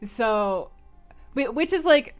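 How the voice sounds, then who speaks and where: A woman's voice: fairly high pitch, lively intonation, slow, clear, resonant tone, soft background music. A woman with an American accent hosting a read-aloud book club stream, chatty and self-deprecating, laughing often. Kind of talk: casual chat and book recap.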